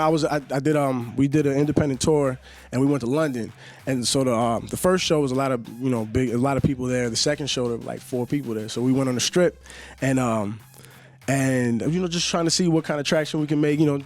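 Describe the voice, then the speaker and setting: A young man chats as a radio interview guest. His voice sits mid-pitched and easygoing, and he rambles loosely, filling gaps with "you know". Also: darkish tone. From Yonkers, New York. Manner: laid-back, rambling, peppered with "you know". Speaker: singer and Vine creator, guest. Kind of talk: casual interview talk.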